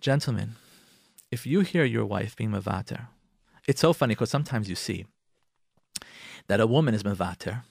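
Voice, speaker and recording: Emphatic man with a lively voice. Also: lowish voice, moderate pace, gravelly, long pauses, no room sound, studio quality. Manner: emphatic and repetitive, animated acted-out quotes. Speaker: radio host giving marriage advice. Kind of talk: advice talk.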